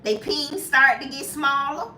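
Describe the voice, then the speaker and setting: Animated woman in her fifties, roomy sound. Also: measured pace, distant mic, slight background noise. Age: 50s. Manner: animated, squeals high when acting out reactions. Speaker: lifestyle vlogger. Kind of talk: casual chat.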